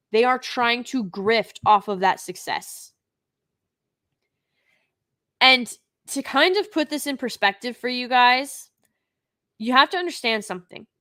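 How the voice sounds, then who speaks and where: Slow, bright-voiced indignant woman reviewer. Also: fairly high pitch. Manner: indignant, emphatic, with sighs and restarts. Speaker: live-stream reviewer. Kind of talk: unscripted live review commentary.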